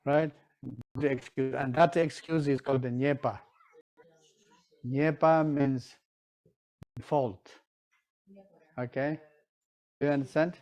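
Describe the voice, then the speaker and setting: A man's voice: medium pitch, fairly even intonation, slow, pauses often, darkish tone. A man teaching a class on Tibetan medicine, often checking in with his students and acting out their excuses. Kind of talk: lecture to a class.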